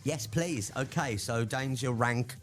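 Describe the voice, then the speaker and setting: A man's voice: medium pitch, measured pace, faint music behind. A British man co-hosting a radio show, joking and laughing often in casual banter. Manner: playful, laughs often, repeats himself. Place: radio studio.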